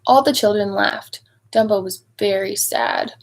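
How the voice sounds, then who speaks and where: Woman, storybook reader for children, animated and engaging, mid pitch with a gravelly texture. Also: measured pace, low-quality recording. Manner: expressive, adds chatty asides to young listeners. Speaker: storybook reader at a speech clinic. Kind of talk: reading a picture book aloud to children.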